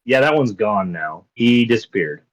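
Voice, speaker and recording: A man's voice: on the low side, lively intonation, moderate pace, poor audio. A man running a tabletop game as dungeon master, easygoing and full of fillers.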